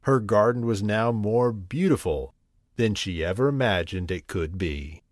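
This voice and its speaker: Slow, gentle male bedtime storyteller. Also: on the low side, no echo, clean studio sound. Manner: gentle, unhurried, expressive reading. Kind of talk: scripted bedtime story narration.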